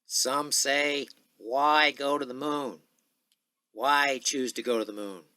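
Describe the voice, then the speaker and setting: A man's voice: mid-range voice, fairly even intonation, slow, bright, forceful tone, clean tone, no room sound, pitched above the performer's own voice. A man doing an amateur impression of a 1960s male president giving a stirring speech in an emphatic orator's cadence. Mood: rousing.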